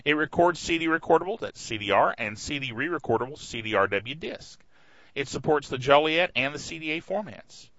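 A middle-aged man hosts a casual tech show with a bright, clear voice, enthusiastic and full of jokey asides. The recording is dry and slightly dull, like a lo-fi home setup. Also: on the high side, expressive, a little fast, no echo. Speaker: tech podcast host.

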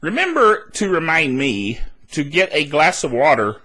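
A man's voice: fairly high pitch, sing-song, a little slow, sharp tone. A man hosting a solo tech news podcast, chatty and rambling with laughs and asides, his throat a little dry. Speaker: podcast host.

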